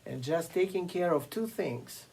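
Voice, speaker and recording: A piano teacher giving a masterclass lecture, explaining slowly and deliberately with frequent fillers and pauses. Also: medium pitch, lively intonation, creaky, darkish tone, breathy edge, low-quality recording. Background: occasional piano playing.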